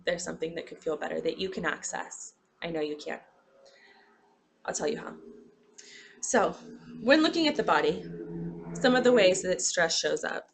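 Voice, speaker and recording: A woman's voice: lowish voice, lively intonation, normal speed, gravelly, pauses often, a little hiss or hum. A woman giving a classroom lecture, talking expressively and acting out examples with sighs and groans.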